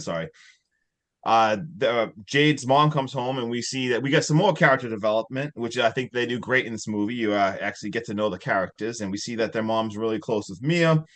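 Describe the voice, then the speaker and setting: A man hosting a podcast, retelling a film plot in a loose, excitable way and swearing casually. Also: mid-range voice. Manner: excitable storytelling, loose and profane. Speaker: podcast host. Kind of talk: casual movie recap.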